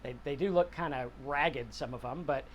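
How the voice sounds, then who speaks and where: A man's voice: mid-range voice, normal speed, a bit bright, a little hiss or hum. Earnest, rambling man in his forties. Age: 40s. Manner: earnest and rambling, often asks "right?". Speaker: sobriety channel host. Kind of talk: casual reflective monologue.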